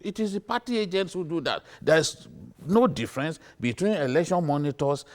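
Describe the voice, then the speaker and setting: A middle-aged man with a Nigerian accent argues emphatically on a TV studio panel, repeating his points in a lecturing way. His voice is on the high side, expressive and darkish in tone, at normal speed.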